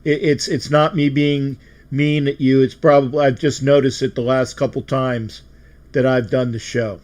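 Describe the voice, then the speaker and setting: A man's voice: mid-range voice, little pitch movement, moderate pace, a little mellow. A man hosting a fan call-in livestream, emotional and exuberant, often repeating himself. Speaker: show host.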